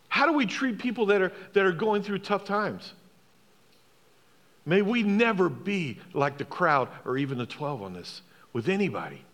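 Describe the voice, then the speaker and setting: A man's voice: high voice, expressive, normal speed, a bit bright, big-room sound. A man, a pastor, preaching a sermon, emphatic, asking the congregation questions and repeating key phrases.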